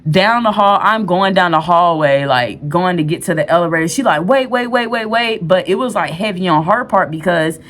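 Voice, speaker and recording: Woman, vlog storyteller; low-ish voice, candid and rambling delivery. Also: normal speed, hardly any pauses, a bit bright, a little hiss or hum. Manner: candid, rambling, with restarts and fillers. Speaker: storyteller vlogger.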